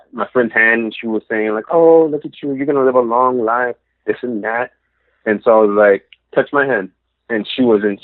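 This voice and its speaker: A man's voice: fairly low pitch, no echo. A man, a podcast guest, telling a story with animation and acting out the lines he quotes. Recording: dry, phone-like lo-fi audio.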